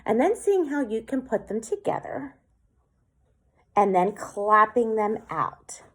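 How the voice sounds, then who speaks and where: Her voice fairly high and sing-song, a woman teacher gives children a poetry lesson, speaking slowly and clearly and breaking words down syllable by syllable.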